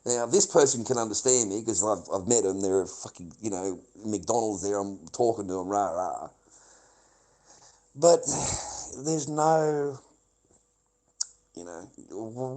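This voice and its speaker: A man's voice: on the low side, slow pace, dark tone, low-quality recording. A middle-aged man, giving a rambling, bitter and heavily profane livestream monologue that loops back on the same points.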